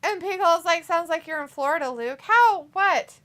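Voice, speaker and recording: A woman's voice: extremely high pitch, brisk, fairly bright tone. A woman co-hosting a casual watch-along livestream, reading viewer comments aloud with a playful, giggly manner and loose swearing. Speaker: livestream co-host.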